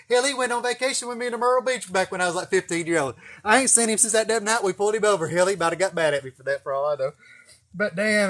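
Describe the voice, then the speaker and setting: A man telling casual stories, swearing a lot and acting out what people said. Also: high-pitched. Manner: swearing, animated storytelling with acted-out quotes. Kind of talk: casual storytelling.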